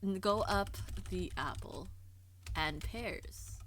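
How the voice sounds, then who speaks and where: A woman streamer chatting casually on a livestream, curious and quick to laugh, often stumbling and repeating herself as she thinks aloud. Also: mid-range voice, fairly bright tone, slight background noise. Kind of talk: casual livestream chat, reading and answering chat.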